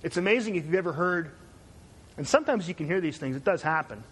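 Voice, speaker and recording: A man's voice: on the high side, expressive, quick pace, fairly bright tone, breathy edge. A man from Canada giving a conversational university lecture, digressive and checking in with "right?".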